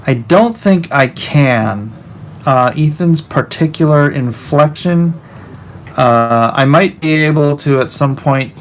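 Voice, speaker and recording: A man's voice: fairly high pitch, slight background noise, poor audio. A man live-streaming while he draws, chatting casually and with a wry tone as he reads chat aloud in his home studio.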